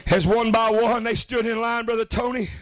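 A man's voice: extremely high pitch, flat delivery, normal speed. A man preaching a revival sermon, chanting with a gasped "uh" before each phrase.

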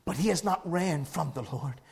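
A man preaching a sermon with rising passion, breaking into shouted lines punctuated by "uh" breaths. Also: fairly high pitch, lively intonation, normal speed, creaky.

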